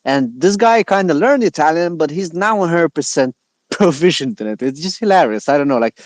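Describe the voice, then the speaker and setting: A man chats as a guest on a business podcast, relaxed and given to jokes and fillers. His voice sits a little high, and the sound is dry and close. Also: fairly quick, dry recording. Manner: relaxed, jokey, uses many filler likes. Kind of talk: casual podcast chat.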